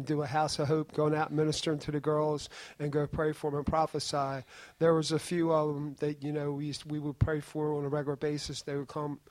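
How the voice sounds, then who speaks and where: Guy telling a church testimony, higher voice, keeps going "right?", dry sound. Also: a little mellow, no echo. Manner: rambling storyteller, keeps asking "right?". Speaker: church member giving testimony. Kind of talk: spoken testimony.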